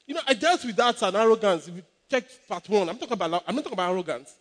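A pastor preaching a sermon emphatically, repeating exhortations and calling for responses from the congregation. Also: male voice, high-pitched, expressive, very fast, long reverb tail.

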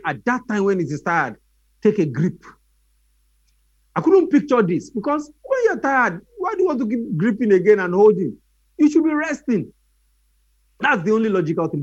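A man with a high voice preaches a sermon, telling stories animatedly and acting out different voices. The recording is dry, with the high frequencies cut off.

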